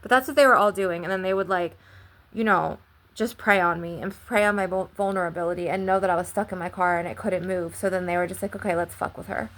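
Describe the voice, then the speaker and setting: Rambling young woman with a lowish voice. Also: fairly even intonation, fast talker, fairly bright tone. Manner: rambling, heavy use of "like", frequent swearing. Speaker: vlogger. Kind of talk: casual storytelling.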